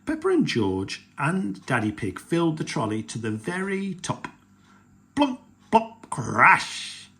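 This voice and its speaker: A man reading a picture book aloud to children, slow and expressive. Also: fairly high pitch, a little hiss or hum.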